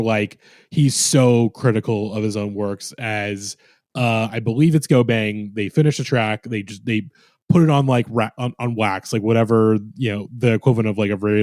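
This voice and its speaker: A man's voice: fairly low pitch, no room sound, clean studio sound. A man guesting on a podcast, telling stories in casual chat, acting out quotes with swearing. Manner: animated storyteller who acts out quotes and swears.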